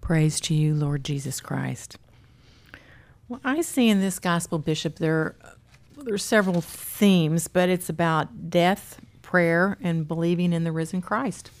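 A woman interviewing a bishop, speaking slowly and deliberately. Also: fairly low pitch.

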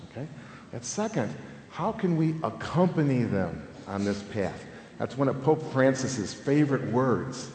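A man in his fifties giving a humorous conference talk on family ministry, telling stories and checking in with "okay?" all the time. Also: medium pitch. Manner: animated, humorous, keeps adding "okay?". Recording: echoey hall with long reverb, faint noise.

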